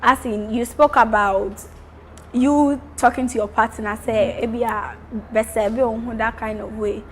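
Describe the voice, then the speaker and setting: A woman's voice: fairly high pitch, fairly even intonation, a little slow, slight background noise. A woman hosting a talk show, asking probing questions and laughing easily.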